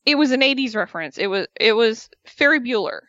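A woman's voice: fairly high pitch, animated, fairly quick, a bit bright. A chatty woman co-hosting a casual podcast, retelling events at an easy pace and slipping into exaggerated voices for quotes. The sound is a little muffled and lo-fi, and the recording is dry and close, with no room echo. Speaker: podcast co-host recapping a reality show. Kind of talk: casual chat.

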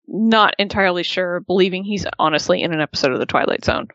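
A woman's voice: fairly low pitch, quick pace, hardly any pauses, a bit bright, dry recording, highs cut off. A woman co-hosting a podcast, chatting casually as she recaps an episode and acts out the lines of the people in it. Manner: chatty, retells scenes with quoted voices. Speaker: podcast co-host.

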